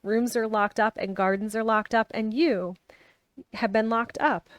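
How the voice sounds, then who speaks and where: A woman's voice: a little high, fairly even intonation, unhurried, dry recording, lightly acted. A woman reading aloud, voicing a blunt, curious young girl who asks direct questions.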